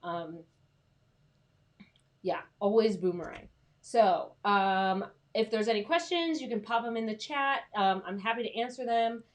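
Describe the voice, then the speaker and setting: A woman's voice: medium pitch, unhurried. A young woman coaching freelance writers in a casual, chatty live stream, reassuring and full of fillers.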